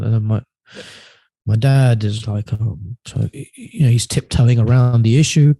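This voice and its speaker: A man telling a personal story as a podcast guest, halting and hesitant, often trailing off quietly. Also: fairly low pitch, fairly even intonation, gravelly, no room sound.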